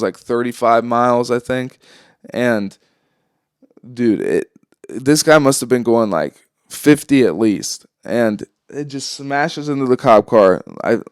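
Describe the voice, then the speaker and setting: A man's voice: medium pitch, clear, resonant tone, dry recording, studio quality. A young man hosting a podcast, telling a long story in a rambling, casual way, full of swearing and ums. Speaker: podcast host.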